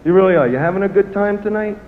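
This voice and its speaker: A man's voice: sits high, very fast, narrow, tinny audio, noisy background. A male stand-up comedian doing crude, brash crowd work with a swaggering manner on a stage before a large live audience.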